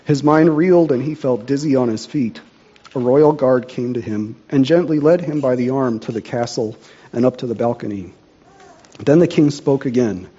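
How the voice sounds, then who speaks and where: A man reads a storybook aloud in a measured, earnest way. His voice is mellow and warm, with a mid pitch. The recording sounds dull and lo-fi. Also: husky. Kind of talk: storybook narration.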